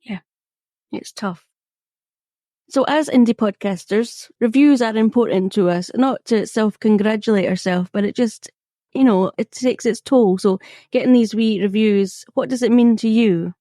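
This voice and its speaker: Mellow woman moderator. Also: on the high side, measured pace, dry recording, clean studio sound. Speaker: roundtable moderator. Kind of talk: roundtable discussion.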